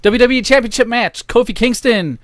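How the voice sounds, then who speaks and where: A young man hosting a casual podcast, running through wrestling results with jokes and quick asides. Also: very high voice, a bit bright, no echo, studio quality. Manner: jokey, rapid recap of match results. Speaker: podcast host.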